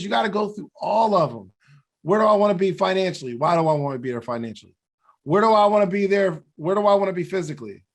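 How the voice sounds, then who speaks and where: Earnest and reflective, this man co-hosts a podcast and discusses goals as motivational talk, occasionally chuckling at himself. His voice is on the high side, gravelly, and fairly bright.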